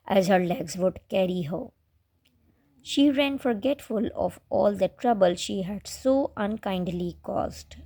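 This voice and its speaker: A woman reading a children's fairy tale aloud in a gentle storybook manner. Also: fairly low pitch.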